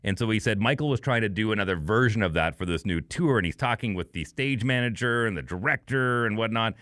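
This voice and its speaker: Middle-aged male podcast host, low voice, dry close mic, chatty anecdote teller who slips into quick impressions. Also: dry recording. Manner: animated storyteller, acts out quoted voices. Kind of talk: casual storytelling chat.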